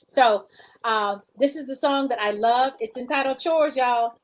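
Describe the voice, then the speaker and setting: A woman's voice: a little high, normal speed. A woman hosting a show, chatting casually and calling her listeners y'all. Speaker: talk show host.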